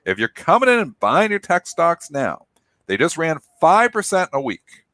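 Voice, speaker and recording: A man's voice: on the high side, big pitch swings, moderate pace, pushed and bright, no echo. A man co-hosting a market show, emphatically explaining trading basics and repeating his point. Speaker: co-host, trader. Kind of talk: market talk show commentary.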